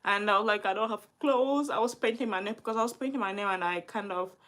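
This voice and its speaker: A woman's voice: medium pitch, quick pace, fairly bright tone. A woman in her early twenties telling a personal story in a vlog, rambling and full of "like". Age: 20s. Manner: rambling, heavy use of "like", restarts.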